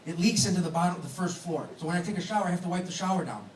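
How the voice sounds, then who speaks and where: A man's voice: high voice, racing, recorded from a distance. A man giving a wedding toast as the groom, joking and teasing with laughs. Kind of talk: wedding speech. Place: large banquet hall. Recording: echoey hall, mic heard from afar, background noise.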